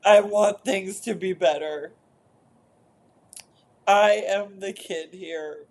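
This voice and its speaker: A woman's voice: mid-range voice, slow pace, a little mellow, slight background noise, lightly acted. A woman voicing an upset little inner girl, insistent. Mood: demanding. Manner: insistent, demanding.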